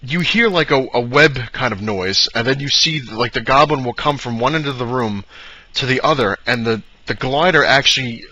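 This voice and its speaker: Excitable rambling man, bright voice. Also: mid-range voice, moderate pace, highs cut off. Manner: rambling, excitable, many fillers and restarts. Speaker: comic collector vlogger. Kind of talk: casual storytelling to camera.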